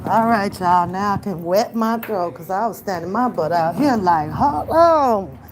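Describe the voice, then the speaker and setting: A woman vlogger chatting casually, telling loud, profane, laughing stories. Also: medium pitch, moderate pace, a little hiss or hum. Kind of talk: casual chat.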